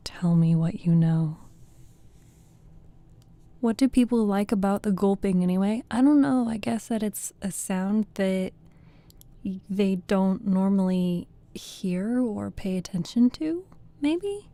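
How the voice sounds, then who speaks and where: A woman streamer reading bedtime poems in a soft voice, then chatting with viewers in a rambling way. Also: mid-range voice, lively intonation, slow, no echo. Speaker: storytelling streamer.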